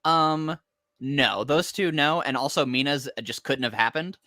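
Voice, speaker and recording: Laughing, excitable man talking comics. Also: fairly high pitch, measured pace, no room sound, clean studio sound. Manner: enthusiastic, laughing, swears casually. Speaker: podcast co-host. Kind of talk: casual comic recap chat.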